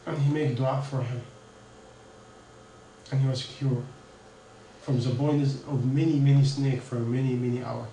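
A man telling a story in a sermon, earnest, with halting non-native English, often putting questions to his listeners. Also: mid-range voice, steady tone, warm tone, a little hiss or hum. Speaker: preacher. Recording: echoey room, mic at a distance.

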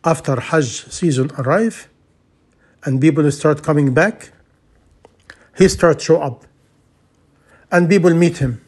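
Husky guy preaching, tells a story, repeats stuff, broken english. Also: fairly high pitch, slow pace, pauses often, darkish tone. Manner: earnest, broken English with repetition. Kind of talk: sermon storytelling.

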